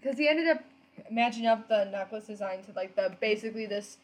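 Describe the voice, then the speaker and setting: A woman with a Western New York accent co-hosting a podcast, chiming in with wry quick remarks in casual chat. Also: medium pitch. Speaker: podcast co-host.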